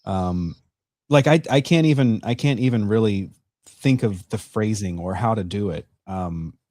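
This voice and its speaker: A man from North Carolina, a guest on a casual livestream chat, telling stories in a relaxed way and laughing often. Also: on the low side, measured pace, no echo, studio quality. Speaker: guest co-host.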